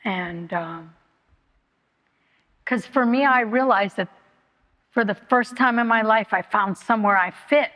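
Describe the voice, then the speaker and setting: Halting woman speaking in echoing hall. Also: fairly high pitch, fairly bright tone. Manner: candid, halting, many fillers and restarts. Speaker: speaker at a recovery meeting. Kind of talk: personal testimony. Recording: long hall reverb.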